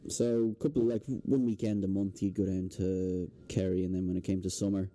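A young Irish man, a guest on a podcast, telling relaxed stories in casual chat. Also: sits low, a little fast, a little hiss or hum. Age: young adult. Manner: relaxed storytelling with fillers. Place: indoors, hotel podcast setting.

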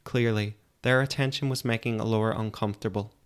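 A man with a low, smooth and resonant voice narrates a fantasy story. His reading is calm and measured, in a steady audiobook style.

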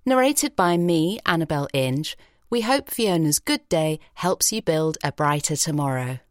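A woman reading an audiobook story in a measured, expressive way in a recording studio. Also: low-pitched, no room sound. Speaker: audiobook narrator. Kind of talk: scripted narration. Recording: dry studio sound.

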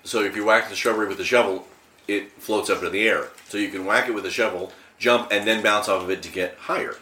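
A man's voice: lowish voice, steady tone, fast talker, bright, forceful tone. A man co-hosting a casual podcast, joking and coaching friends through a video game. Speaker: podcast co-host. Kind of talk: casual chat while playing a video game. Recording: echoey room.

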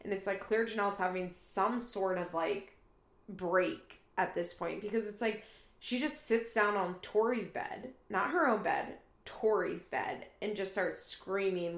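A woman talks through a reality TV episode in a relaxed, chatty recap. She often jumps into quoted lines with a louder voice. Her voice has a gravelly edge, and the room around her has a noticeable echo. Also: mid-range voice, unhurried. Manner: animated retelling, acts out quoted lines with raised voice. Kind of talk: casual recap commentary.

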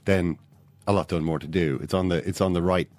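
An Irish man hosting a sports podcast, talking in a mock-solemn, deadpan way. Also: sits low, brisk, dry recording. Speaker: podcast host. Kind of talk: deadpan mock-serious chat.

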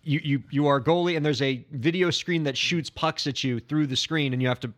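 A man's voice: on the high side, brisk, fairly bright tone. A man co-hosting a podcast in casual chat, easygoing and laughing readily at his own mishaps. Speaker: podcast co-host.

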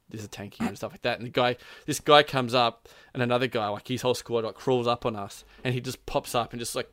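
Rambling, laugh-prone young man, bright voice. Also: medium pitch, dry recording. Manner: rambling, says "like" constantly, laughs often, acts out quotes. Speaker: gamer telling a story. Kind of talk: casual chat.

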